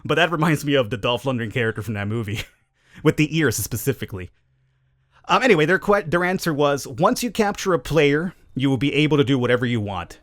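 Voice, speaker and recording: A man hosting a gaming channel, answering viewer questions in casual, chatty commentary with opinionated, wry asides. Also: mid-range voice. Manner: chatty, opinionated, self-aware cynical asides.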